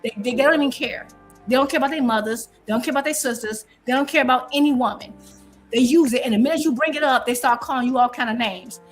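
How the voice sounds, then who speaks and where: A woman's voice: high voice, fast talker, faint music behind. A woman on a live-stream panel, arguing in a confrontational, defiant way and repeating her points.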